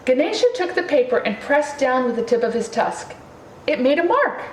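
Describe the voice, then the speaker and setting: A woman reading a children's picture book aloud in a slow, expressive storytelling manner. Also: high voice, slight background noise. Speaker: reader. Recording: roomy, distant mic, faint ambience.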